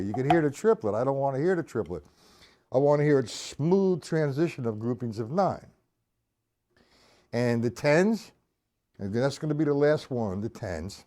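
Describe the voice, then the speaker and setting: Guy teaching drums live, counts the beats out loud, easygoing. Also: fairly high pitch, lively intonation, normal speed, a little hiss or hum. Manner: casual, explanatory, counting beats aloud. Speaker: drum teacher. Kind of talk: live-streamed drum lesson.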